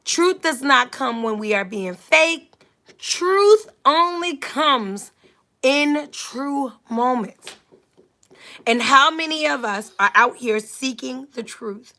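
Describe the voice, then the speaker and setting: High, gravelly woman giving a motivational talk. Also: pushed and bright. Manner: emphatic, repetitive preaching cadence. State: slightly scratchy from allergies. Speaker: motivational speaker.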